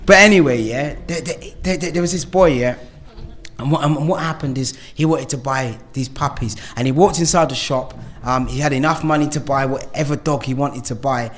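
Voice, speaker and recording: A man's voice: fairly high pitch, normal speed. A man speaking at a recovery meeting, telling a personal share and a story, earnest and full of "you know" and "yeah?" asides.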